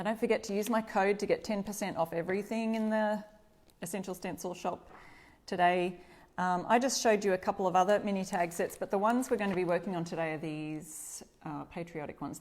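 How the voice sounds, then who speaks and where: A middle-aged Australian woman chats through a casual DIY live stream in her home workshop, greeting viewers by name. Her lowish, darkish voice sounds a little stuffy, and she clears her throat.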